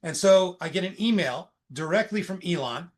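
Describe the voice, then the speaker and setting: A man's voice: high-pitched, normal speed. Middle-aged man telling a story. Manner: animated, anecdotal retelling. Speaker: podcast guest, recruiter. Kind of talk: conversational storytelling.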